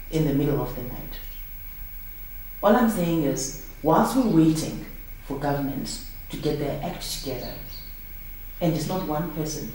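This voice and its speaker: A woman's voice: deep voice, a little mellow, slight background noise. A woman and project founder being interviewed, speaking with passion and firing off emphatic rhetorical questions. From South Africa. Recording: roomy sound from a distant mic.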